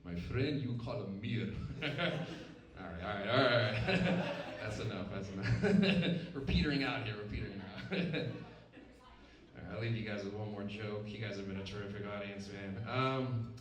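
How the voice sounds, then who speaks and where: Speaking at a moderate pace in a lowish voice, this stand-up from Stockton, California, works a lounge crowd and caps his punchlines with "right?" and "okay?". He's well away from the mic, giving a roomy, off-mic club sound with audience laughter.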